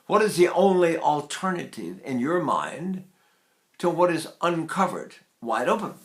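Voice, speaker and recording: A man's voice: fairly high pitch, sing-song, unhurried, reverberant. A man in his eighties teaching vocal technique, breaking into sung syllables to demonstrate. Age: 80s.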